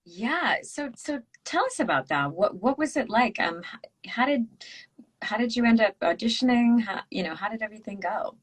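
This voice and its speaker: A woman hosting a casual interview, asking her guest questions and rephrasing them as she goes. Her pitch moves a lot and sounds lively. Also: normal speed, slightly rough. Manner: asks stacked, rephrased questions. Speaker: podcast host.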